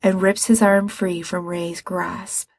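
A woman reading a story aloud as narrator, in an even, measured manner. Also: lowish voice, no room sound. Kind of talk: reading fan fiction aloud.

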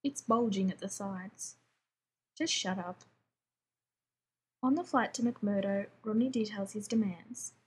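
A woman reading a story aloud as scripted narration, in a steady, even storytelling manner. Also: on the high side, breathy edge. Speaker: story reader.

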